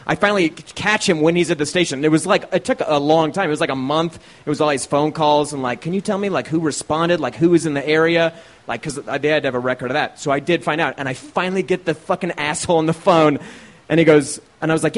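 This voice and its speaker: A man's voice: fairly high pitch, quick pace. A man telling a profane, comic story live on stage, laughing through it. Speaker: co-host and storyteller. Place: live show at a small venue.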